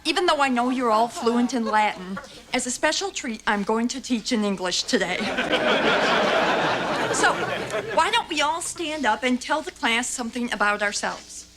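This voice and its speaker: A woman's voice: a little high, lively intonation, moderate pace, a loud crowd, heavy background noise, natural voice. An actress playing a prim, condescending teacher of a class of gifted girls.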